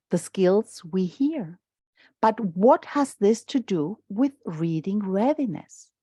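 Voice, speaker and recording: A middle-aged woman whose first tongue is gives an academic talk, pausing and restarting often. Her voice sits at a medium pitch. It is recorded dry, with little room sound. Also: a little mellow, no room sound. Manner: halting, many restarts and fillers. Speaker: lecturer. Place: lecture room.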